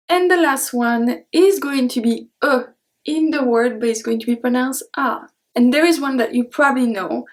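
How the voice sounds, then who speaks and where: A woman teaching pronunciation, repeating each word slowly and carefully as a model. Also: on the high side. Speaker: French teacher. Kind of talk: pronunciation lesson.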